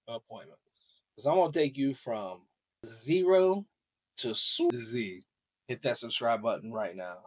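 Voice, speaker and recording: A man hosting a casual screen-share tutorial, talking in a loose, joking, salesy way with the odd curse word. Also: mid-range voice. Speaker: marketing tutorial host.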